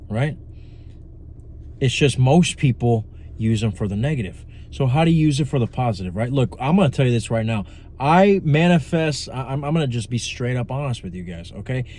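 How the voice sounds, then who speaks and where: Speaking at a medium, somewhat mellow pitch, this young manifestation coach delivers a loose monologue straight to camera. He swears freely, wanders off on tangents, and keeps things blunt.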